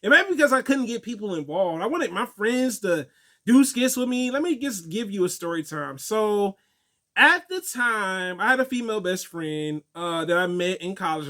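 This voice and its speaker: A young man telling stories and answering viewer questions in a casual, animated way, laughing often. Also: high-pitched, normal speed. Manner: animated storytelling, laughs often, acts out quotes. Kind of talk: casual chat.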